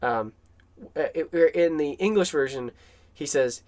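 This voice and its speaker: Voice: mid-range voice, measured pace, a little mellow. A film commentator rambles through a casual voice-over. The talk is enthusiastic and full of fillers and restarts.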